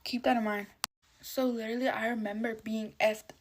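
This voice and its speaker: A woman's voice: a little high, little pitch movement, brisk, slight background noise. A woman telling a dramatic storytime while getting ready, full of slang and swearing.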